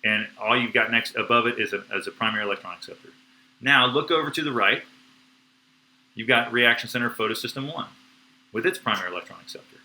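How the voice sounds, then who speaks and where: A man teaching biology on a live stream, excitable and slangy, with playful sound effects. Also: medium pitch, quick pace, a little hiss or hum, rough recording. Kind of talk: enthusiastic live-streamed lecture.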